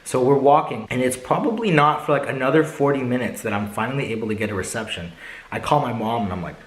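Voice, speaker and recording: A man's voice: fairly low pitch, fast, echoey room, poor audio. Slangy young man telling a story. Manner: animated, slangy, keeps saying bro and right. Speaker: vlogger. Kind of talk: casual storytime.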